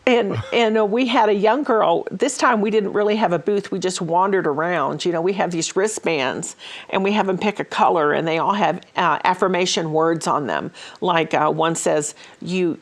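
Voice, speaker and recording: A woman's voice: lowish voice, normal speed. A woman hosting a ministry talk show, telling stories in a casual way with many fillers and restarts. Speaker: host.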